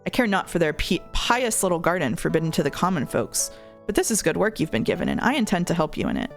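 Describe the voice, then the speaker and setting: A woman's voice: fairly low pitch, very animated, fast talker, vocal fry, faint music behind. A woman streamer reading the lines of a blunt, scornful peasant gardener in a game. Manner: blunt, rustic speech.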